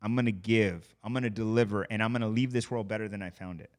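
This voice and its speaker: A man who is a guest on a podcast, chatting casually in a studio, an animated storyteller who swears freely. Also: fairly low pitch, quick pace.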